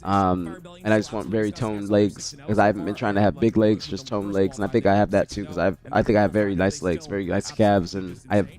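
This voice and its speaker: A man's voice: fairly low pitch, brisk, hardly any pauses, faint music behind. A man hosting a watch-party stream, chatting loosely and answering his chat by name, his voice congested from a cold. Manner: relaxed, rambling, talks to chat by name. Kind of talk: casual stream chat reading chat messages.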